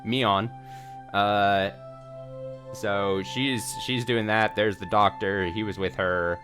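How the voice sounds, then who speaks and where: A man with a fairly low voice talks through a game recap on stream. He rambles, restarts his sentences and swears casually as he goes. It sounds like relaxed let's-play commentary. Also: takes it slowly, music in the background. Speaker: streamer recapping a visual novel.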